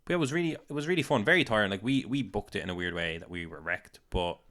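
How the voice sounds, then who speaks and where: An eager young man rattles along at a brisk clip as co-host of a casual podcast. His voice sits a little low. He keeps piling up thoughts in breathless, enthusiastic runs. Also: fairly bright tone. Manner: eager, enthusiastic, talks in rapid run-on bursts. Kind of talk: casual chat.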